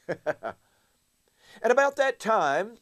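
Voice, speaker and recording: Male Bible teacher, high voice, unhurried delivery, emphatic, leans on rhetorical questions. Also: big pitch swings, a bit bright.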